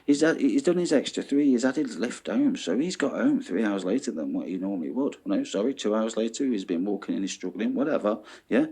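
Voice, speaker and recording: A man ranting in an animated monologue, swearing and checking in with "yeah?". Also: lowish voice, fairly quick, few pauses, slightly rough. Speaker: vlogger.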